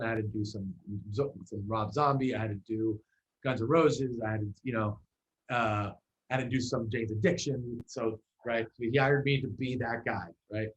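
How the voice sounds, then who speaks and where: A man's voice: mid-range voice, poor audio. A man, a musician guest in an interview, telling a story in a loose, casual way with many fillers and restarts.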